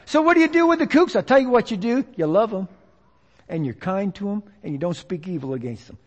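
A preacher with a notably high voice delivers an emphatic sermon. He hammers his points through repetition and call-and-response. The sound rings with the long reverb of a church hall. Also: expressive, a little fast, muffled recording.

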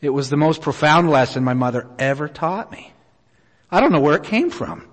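Preacher with earnest storytelling in a reverberant hall. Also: male voice, fairly high pitch, animated. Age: middle-aged. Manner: earnest, unhurried storytelling with many pauses. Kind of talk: sermon with personal story. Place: church auditorium.

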